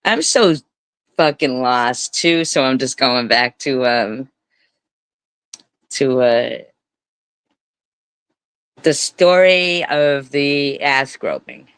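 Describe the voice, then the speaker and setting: Slow and smooth, a woman with a bass voice streams live commentary, rambling, swearing openly, and repeating words over and over for emphasis. Her tone is clean, and the recording is dry and close-miked with no echo.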